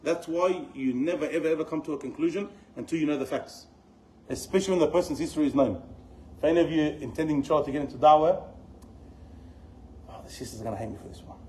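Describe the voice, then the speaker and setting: A middle-aged man giving a religious lesson, telling stories in an animated way and mixing in Arabic phrases. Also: a little high, quick pace, slight background noise, rough recording. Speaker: Islamic teacher.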